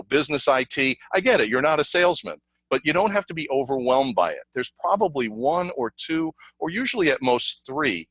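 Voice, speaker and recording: A middle-aged man presenting a sales training over a video call, energetic and conversational, repeating himself and telling stories. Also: mid-range voice, no echo, rough recording. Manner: energetic, repetitive, conversational teaching with anecdotes. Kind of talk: online webinar presentation.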